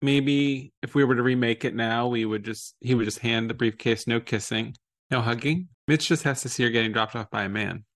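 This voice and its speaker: A man co-hosting a podcast in casual chat, excitable and quick to laugh. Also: medium pitch. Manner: excitable, laughs often, quotes scenes in funny voices. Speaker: podcast co-host.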